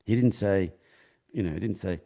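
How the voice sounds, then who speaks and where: A horse trainer appearing as an interview guest tells a long personal story in conversation. His voice is deep and mellow with vocal fry, and his delivery halts, restarts often, and acts out dialogue.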